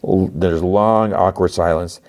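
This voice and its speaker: A man's voice: low voice, fairly even intonation, a little slow, darkish tone. A man hosting a podcast, casually retelling TV episodes in a rambling way, full of fillers. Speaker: podcast host.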